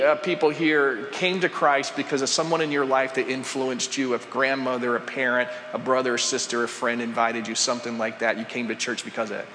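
A man's voice: mid-range voice, pushed and bright, slight background noise. A man preaching a sermon as pastor, chatty and conversational, putting questions to the congregation. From United States. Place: church sanctuary. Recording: live church hall with long reverb.

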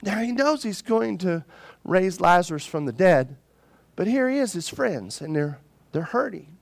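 Animated pastor with a high voice. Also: male voice, a little slow, creaky. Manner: animated, joking storyteller with a congregation. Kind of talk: sermon.

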